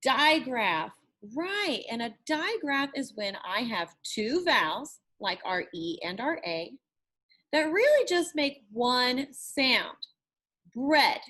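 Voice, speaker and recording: A woman's voice: on the high side, sing-song, fairly bright tone. A woman teacher giving a recorded lesson, encouraging, who repeats words and stretches sounds to model them. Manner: slow, encouraging, drawn-out praise.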